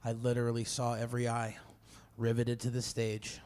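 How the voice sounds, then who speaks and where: A man's voice: mid-range voice, completely flat delivery, normal speed, darkish tone. A man co-hosting a casual podcast chat, telling jokes in a dry way and plugging comedy shows. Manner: dry, joking delivery with show plugs.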